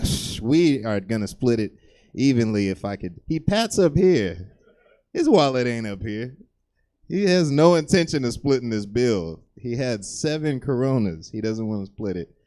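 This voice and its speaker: Rambling stand-up comic acting out bits. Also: male voice, darkish tone. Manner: loose and rambling, acts out characters with jumps in pitch. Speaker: stand-up comedian. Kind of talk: stand-up storytelling. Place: comedy theater stage.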